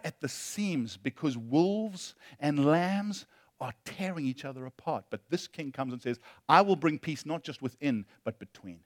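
A male pastor preaching a sermon, impassioned, moving between loud emphasis and hushed storytelling. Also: on the high side, lively intonation, unhurried, no echo, clean studio sound.

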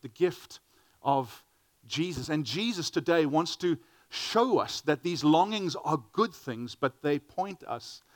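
A man's voice: fairly high pitch, dry recording. Earnest preacher man, dry close sound. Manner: earnest, repeats words when starting phrases. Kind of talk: sermon.

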